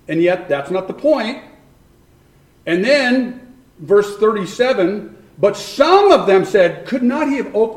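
Speaking in a high-pitched, darkish voice, a pastor delivers a conversational sermon in an echoey room. He brings the people in the text to life by acting out their voices, laughing along the way.

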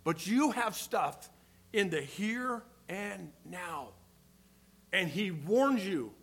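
An older man preaching a sermon, earnest, swinging between loud emphasis and quiet asides. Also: high-pitched, expressive, slow pace, creaky. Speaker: pastor.

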